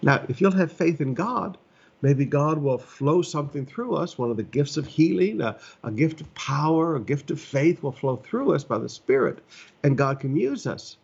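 A man's voice: on the high side, expressive, moderate pace, creaky, darkish tone, breathy edge, muffled recording. A middle-aged man preaching a sermon as pastor, earnest and conversational with emphatic rises, recorded at home.

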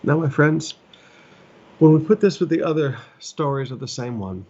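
A man's voice: fairly high pitch, animated, normal speed, a little mellow, husky, dull audio. A middle-aged male pastor preaching earnestly in a conversational way, pressing points with repetition. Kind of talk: preaching a sermon from home.

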